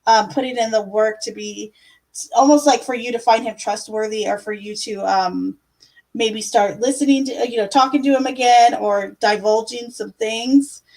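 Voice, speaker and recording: A woman's voice: a little high, normal speed, darkish tone, low-quality recording. A young woman giving casual tarot readings on a live stream, chatty and full of fillers, calling viewers love and my dear. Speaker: livestream tarot reader.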